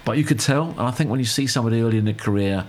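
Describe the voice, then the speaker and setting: A man's voice: medium pitch, rapid-fire. A middle-aged man hosting a radio chat show, who talks casually and playfully, likes fancy words and leads a light quiz game.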